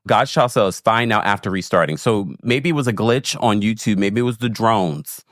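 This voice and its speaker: A man's voice: on the low side, moderate pace, dry recording, studio quality. A man in casual livestream chat, recapping a reality show and reading viewer comments aloud with laughs. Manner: animated, laughing, talks straight to viewers.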